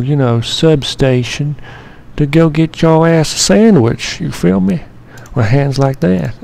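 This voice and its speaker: A man talks through an editing session in loose, rambling commentary, heavy on slang and swearing. His voice is gravelly with plenty of fry. The tone sits dark and mellow rather than bright. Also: a little high. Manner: slangy, profane, joking and rambling. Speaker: editing tutorial narrator. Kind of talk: casual profane screen-recording commentary.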